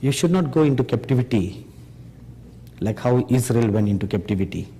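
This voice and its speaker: A man preaching a sermon slowly and emphatically, pressing the audience with rhetorical questions. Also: mid-range voice, animated, mellow, slight background noise. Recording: long hall reverb.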